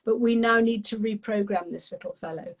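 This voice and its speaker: A woman, a parenting coach, explaining calmly in an animated, friendly conversational way. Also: medium pitch, fairly quick, lo-fi sound. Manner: animated, acts out little voices, friendly teaching tone.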